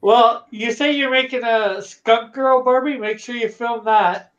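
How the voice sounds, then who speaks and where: A man's voice: very high voice, steady tone, measured pace, fairly bright tone, highs cut off. A man chatting casually on a live stream, hesitant with many "uh"s and laughing now and then.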